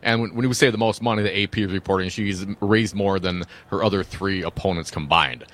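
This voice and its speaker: A man's voice: deep voice, a little fast, a bit bright. A man co-hosting talk radio, reading news copy with wry, conversational remarks.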